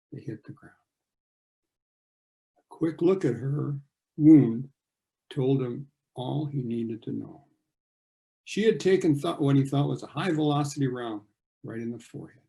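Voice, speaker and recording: Older guy reading his thriller on a video call, gravelly low-toned voice, swings up and down a lot. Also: mellow. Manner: reads with voiced dialogue, dramatic rises and drops. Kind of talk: reading aloud from his novel.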